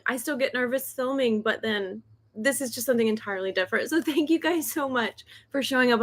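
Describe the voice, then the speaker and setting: A young woman with a slightly high voice chats nervously to viewers on a livestream from home. She laughs often and talks in a loose, friendly way. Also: sharp tone. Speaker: host of a decluttering channel, author. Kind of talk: casual livestream chat. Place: home in South Korea.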